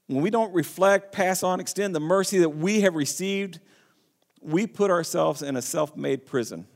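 A man's voice: high voice, normal speed, gravelly. A man preaching a sermon in earnest, reading scripture aloud and often restarting his phrases. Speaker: pastor. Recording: long hall reverb.

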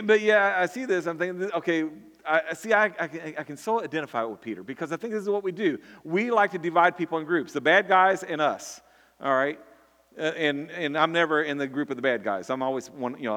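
A man's voice: fairly high pitch, fairly bright tone. Earnest preacher man in a reverberant hall. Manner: earnest, repeats words, rising to emphatic peaks. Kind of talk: sermon.

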